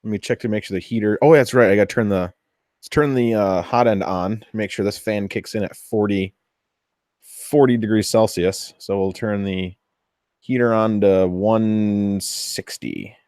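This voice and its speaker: A man hosting a casual workshop build vlog, chatty and thinking aloud as he tests his machine, easily excited when something works. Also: fairly low pitch, moderate pace, no echo, clean studio sound. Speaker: 3D printing hobbyist host.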